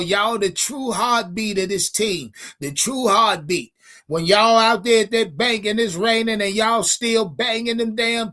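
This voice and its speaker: A man hosting a live sports stream, chatting casually and profanely with his viewers. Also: high-pitched. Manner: profane, animated, addresses chat directly.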